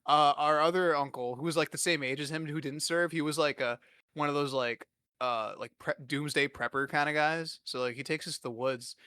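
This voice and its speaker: A man's voice: a little high, a little fast, pushed and bright, clear, resonant tone. A man in his twenties hosting a podcast, telling rambling, profane, self-deprecating stories in a casual comedic way. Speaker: podcast host.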